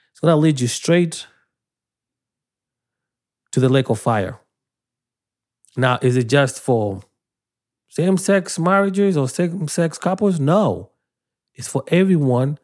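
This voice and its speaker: A man's voice: medium pitch, a little mellow. A man giving earnest, preachy religious commentary as a podcast host, emphatic and repeating himself as he talks.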